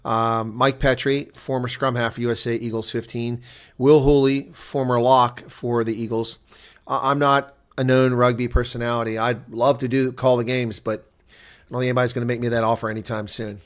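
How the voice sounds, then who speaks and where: A man calling a rugby game live for his stream audience, sounding tired after a long day. His voice sits in a middle register, neither deep nor high. He moves loosely between play-by-play and chatty asides to viewers. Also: flat delivery, normal speed. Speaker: host and play-by-play commentator. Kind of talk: live play-by-play reaction commentary.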